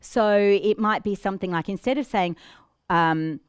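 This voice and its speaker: A woman presenting a business training talk to an audience. She talks in a lively, demonstrative way and breaks into playful giggly impressions to make her points. Her voice sounds dry and close, with no room echo around it. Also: medium pitch, fairly quick, clean tone. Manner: demonstrative, acts out examples with giggles.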